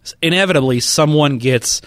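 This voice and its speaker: A man co-hosting a casual sports podcast who chats in a jokey way and throws in quick asides. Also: on the high side, fairly bright tone, no echo. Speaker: podcast co-host.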